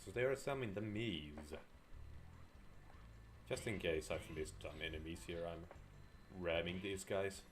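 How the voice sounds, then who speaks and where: A man's voice: deep voice, unhurried, long pauses, a little hiss or hum. A man streaming a video game live, chatting with dry, sarcastic, rambling asides. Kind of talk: live gameplay commentary.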